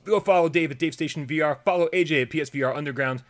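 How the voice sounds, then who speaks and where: A man's voice: a little high, rapid-fire. A man hosting a casual gaming podcast, chatting loosely and breaking into playful mock rants. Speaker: podcast host.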